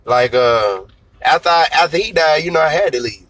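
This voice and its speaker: A man in his thirties, a singer being interviewed, telling his story in a relaxed, slangy, conversational way. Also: fairly high pitch, moderate pace, no room sound, rough recording. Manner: relaxed storytelling, slangy, repeats "you know what I'm saying". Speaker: singer and guest.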